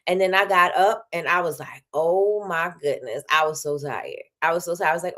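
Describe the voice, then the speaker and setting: Tired chatty woman livestream host. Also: normal speed. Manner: chatty and animated, with sudden high exclamations. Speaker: host of a daily live show. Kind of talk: casual livestream chat.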